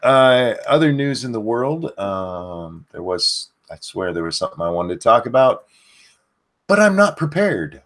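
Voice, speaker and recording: A man co-hosting a casual news livestream, talking haltingly with many fillers. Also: mid-range voice, sing-song, a bit bright. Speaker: co-host.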